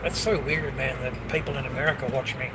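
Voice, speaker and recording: Rambling Australian man over loud traffic. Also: mid-range voice, steady tone, quick pace. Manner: rambling, swears a lot, says "man" and "mate". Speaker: vlogger. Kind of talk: casual street vlog. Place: outdoors on city streets and on a bus. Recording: loud traffic noise outdoors. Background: traffic noise.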